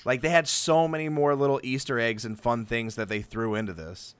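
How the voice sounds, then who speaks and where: A man co-hosting a casual chat podcast, excitable and swearing freely as he talks. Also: mid-range voice, a little fast, clear, resonant tone, no echo. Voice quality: excitable, swears freely, self-interrupting restarts. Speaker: podcast co-host.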